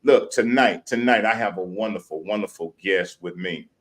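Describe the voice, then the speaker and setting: A man from Louisiana, hosting a live stream show in folksy country talk. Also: lowish voice. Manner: hyped chanting intro, drawn-out shouting. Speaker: podcast host.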